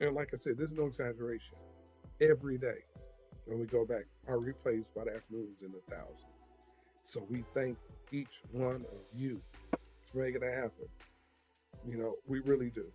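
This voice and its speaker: A man co-hosting a casual morning livestream over a video call, relaxed and chatty, giving shout-outs. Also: mid-range voice, moderate pace, pauses often, soft background music. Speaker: co-host.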